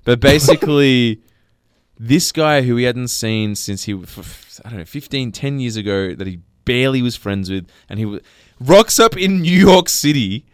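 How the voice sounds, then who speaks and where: A man's voice: mid-range voice, lively intonation, normal speed, smooth, no room sound. Rambling man telling stories. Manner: rambling, swearing, laughing storyteller. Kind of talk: casual chat, storytelling.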